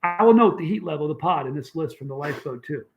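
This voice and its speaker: A man's voice: on the high side, lively intonation, fast talker, music in the background, rough recording. A man hosting a casual livestream, telling a long rambling story and greeting viewers in the chat. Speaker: host.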